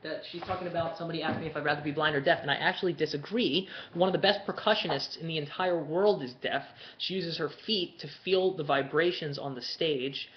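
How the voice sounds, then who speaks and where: A man hosting a live fan chat, talking casually, excitable and swearing, shouting bursts and then mumbling while reading. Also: fairly high pitch, quick pace, hardly any pauses. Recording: dull lo-fi webcast audio with faint noise.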